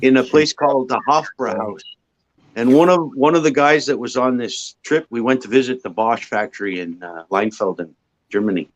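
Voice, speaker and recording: A man's voice: medium pitch, moderate pace, highs cut off. A man telling joking anecdotes in a casual group chat, often repeating words as he starts. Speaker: chat participant.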